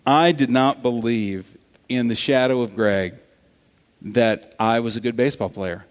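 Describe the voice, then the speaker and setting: A man preaching a sermon, telling stories in an animated way that swings from loud to hushed. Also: mid-range voice, unhurried, clean tone. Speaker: pastor. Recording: long reverb of a large hall.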